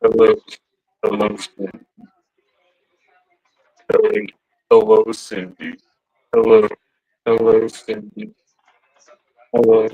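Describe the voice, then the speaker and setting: A man's voice: on the low side, steady tone, slow pace, creaky, long pauses, dark tone, breathy edge, no echo, muffled recording, exaggerated voice. Man using a voice changer as Ghostface, taunting. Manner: repeats one greeting over and over in a taunting way. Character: menacing masked killer on a prank phone call. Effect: voice changer device.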